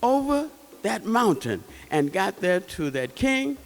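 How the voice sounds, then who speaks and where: A man with a high, lively voice tells a folktale at an unhurried pace, asking his listeners questions along the way. He is heard in an event hall with long reverb. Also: vocal fry. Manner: animated, asks the audience questions. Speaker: storyteller. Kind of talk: folktale told to a live audience.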